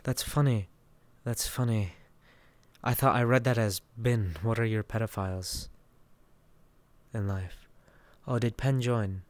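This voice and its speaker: A man's voice: lowish voice, unhurried, long pauses, no echo. A young man from Texas hosting a casual voice chat, reading out and answering listener messages. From Dallas, Texas. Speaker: voice chat host.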